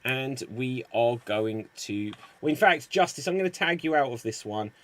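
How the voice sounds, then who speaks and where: A man hosting an online improv comedy show, explaining the games in a brisk, upbeat way. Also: mid-range voice, fairly bright tone.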